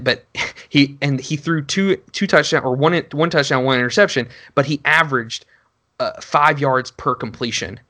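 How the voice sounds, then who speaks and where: Rambling man on a sports podcast. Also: mid-range voice. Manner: rambling, many restarts, animated rants. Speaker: podcast co-host. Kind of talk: casual sports podcast chat.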